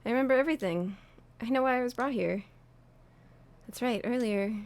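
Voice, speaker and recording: A woman's voice: fairly high pitch, brisk, a little mellow, lightly acted. A woman reading as a groggy, defiant captive. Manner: groggy, then defiant and crude. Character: drugged young woman held captive, defiant.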